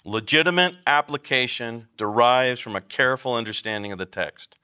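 A man's voice: mid-range voice, normal speed, sharp tone, clean tone. A man teaching a class on biblical counseling, lecturing in an emphatic, conversational way and asking the room questions.

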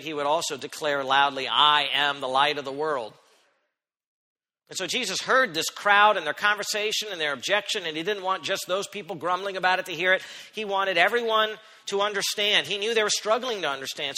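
A man preaching a sermon, swinging from quiet asides up to loud, emphatic quotations. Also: fairly high pitch, big-room sound. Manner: expressive, rising to loud emphatic quotes and dropping to quiet asides.

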